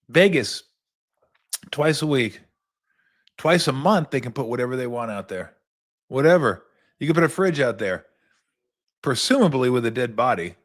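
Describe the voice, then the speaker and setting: A middle-aged man hosting a radio show, telling rambling comic stories and acting out quick asides in other voices. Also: medium pitch, a bit bright. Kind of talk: casual comic monologue.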